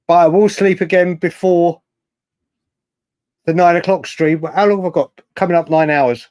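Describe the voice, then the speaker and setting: A man hosting a late-night fan livestream, chatting excitably and reading out viewer comments. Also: fairly high pitch, normal speed, clean tone, no room sound. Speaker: livestream host.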